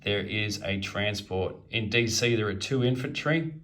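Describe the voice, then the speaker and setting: A man's voice: lowish voice, measured pace, fairly bright tone. A man narrating his turn in a strategy board game, methodically counting units and pieces aloud as he moves them.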